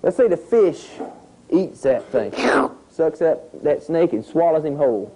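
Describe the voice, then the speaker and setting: Male nature educator, mellow voice, animated storyteller for a kids' outdoor lesson. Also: a little high, unhurried, a little hiss or hum, rough recording. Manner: animated storytelling with sound effects. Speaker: environmental educator.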